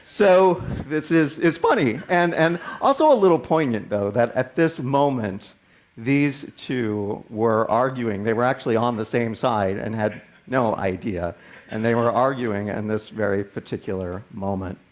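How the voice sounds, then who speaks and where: A man's voice: medium pitch, measured pace. A man, a minister telling a personal story in a sermon in a conversational way, often restarting words. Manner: conversational, animated when quoting others, frequent stammered restarts.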